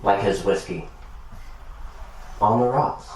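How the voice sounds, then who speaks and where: A man from Ireland performing spoken-word poetry and deadpan jokes at a live bar gig, with rapid rhyming delivery. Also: on the low side, distant mic. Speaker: poet and comedian. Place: bar function room. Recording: echoey live room.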